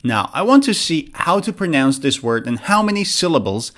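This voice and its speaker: Lively high-voiced man teaching pronunciation. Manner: lively and animated, drills words slowly for repetition. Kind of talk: online video lesson.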